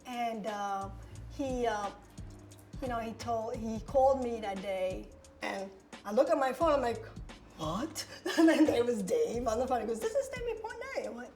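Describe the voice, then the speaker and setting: A woman's voice: on the high side, a little mellow. Grateful woman restaurant owner, music behind. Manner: emotional, grateful, quick affirmations. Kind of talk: casual interview chat. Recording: music bed under the talk. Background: background music.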